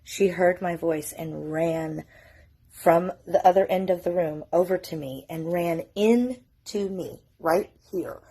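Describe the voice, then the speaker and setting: Husky low-voiced woman, emotional. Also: slow, warm tone. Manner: emotional, holding back tears, casual swearing. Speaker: mother telling her family's story. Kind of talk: casual storytime vlog.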